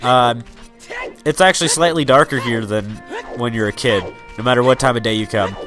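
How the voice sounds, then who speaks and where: A man's voice: mid-range voice, moderate pace, fairly bright tone, soft background music. A young man rambling and joking through a game in casual gameplay commentary. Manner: rambling, joking, many fillers. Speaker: let's player.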